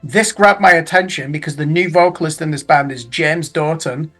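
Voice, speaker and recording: A man's voice: on the high side, moderate pace, sharp tone, faint music behind. A middle-aged man giving a casual roundup of new albums in a chatty way, with tag questions and self-corrections. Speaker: music reviewer.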